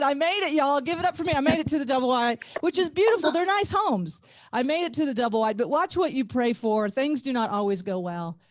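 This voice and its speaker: A middle-aged woman from the Ozarks, USA, a comedian and former nurse, does self-mocking stand-up over a video call from her garage studio, laughing often. She has an Ozark twang and a fairly high voice, with no echo.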